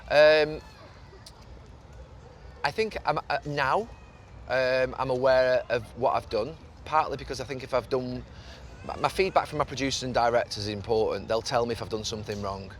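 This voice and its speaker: A man's voice: medium pitch, normal speed, slight background noise. A man from the north of England, talking earnestly in a casual conversation while walking and repeating words as he thinks. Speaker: podcast host and pundit. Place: city park outdoors with traffic.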